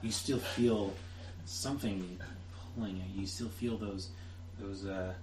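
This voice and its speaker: A man's voice: on the low side, fairly even intonation, a little slow. A man acting as game master, narrating scenes and explaining rules, often restarting his sentences. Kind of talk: running a tabletop role-playing game. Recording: roomy, distant table recording with noise.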